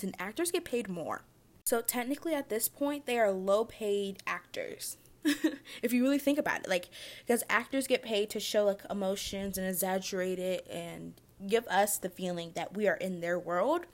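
A young woman vlogging casually, reading a list aloud and rambling with many fillers, often stumbling over words and apologizing. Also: medium pitch.

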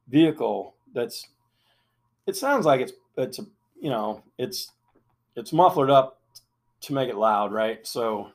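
A middle-aged man hosting a podcast, telling a long story in a rambling, casual way, full of fillers and restarts. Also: mid-range voice. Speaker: podcast host.

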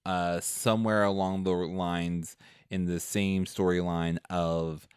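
Deep slow-talking man chatting films. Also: clean tone, dry recording, clean studio sound. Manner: relaxed, thinking aloud with fillers. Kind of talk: casual film discussion.

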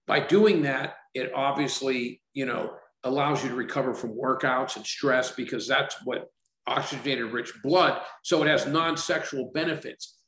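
A man's voice: medium pitch, a bit bright. Man in his 60s telling stories animatedly, acts out the quotes, kinda echoey room. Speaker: company founder. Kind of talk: casual interview talk.

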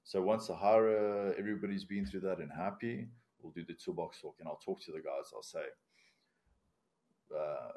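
Deep-voiced man with a non-native accent. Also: moderate pace, dark tone. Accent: non-native English accent. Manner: explains step by step, blunt, swears casually. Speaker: commercial diver, guest. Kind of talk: casual podcast interview.

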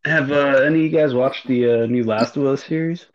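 A man's voice: mid-range voice, fairly quick. Young male co-host, teasing and easygoing, slightly muffled sound, faint background noise. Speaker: podcast co-host. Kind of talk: casual podcast chat.

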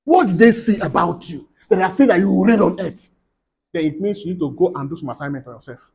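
A man preaching a sermon, fervent, moving between quiet teaching and loud prayer declarations. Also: high-pitched, expressive, fast talker, vocal fry, breathy edge.

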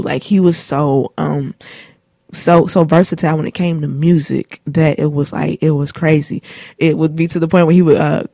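A woman's voice: low voice, gravelly, warm tone, no echo, studio quality. A woman in her late twenties hosting her own show, telling personal stories in a laid-back, rambling, slangy way with many fillers. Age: late 20s. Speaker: show host. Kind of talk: casual personal storytelling. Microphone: studio mic.

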